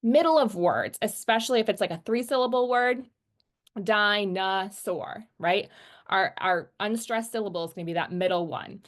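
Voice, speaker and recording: A woman teaching about word sounds, patiently explaining and slowly sounding out example words, often checking in with "right?". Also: medium pitch, animated. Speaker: literacy teacher trainer. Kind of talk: instructional explanation.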